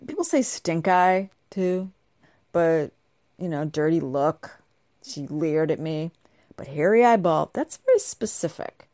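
A middle-aged woman rambling to camera in a bubbly, chatty way, full of asides. Her voice sits on the low side and sounds a little stuffed-up and nasal from a cold. The sound is close and dry, with no room echo. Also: expressive, slow, mellow. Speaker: vlogger. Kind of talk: casual chatty monologue.

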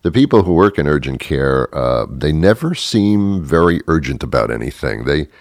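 A man's voice: a bass voice, sing-song, moderate pace, dry recording. A man hosting a radio show, rambling through a dry, self-mocking comic monologue and chuckling as he goes.

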